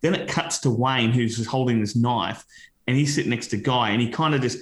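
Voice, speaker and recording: A man's voice: medium pitch, a little fast, roomy sound. A man co-hosting a casual recap podcast, steadily explaining details. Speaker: podcast co-host.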